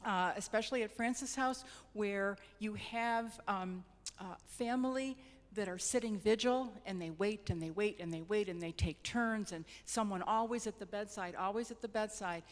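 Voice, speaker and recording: Gentle woman leading a grief group. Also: mid-range voice, normal speed, few pauses. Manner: gentle, repetitive emphasis. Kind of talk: reflective group talk. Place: church hall. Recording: reverberant hall.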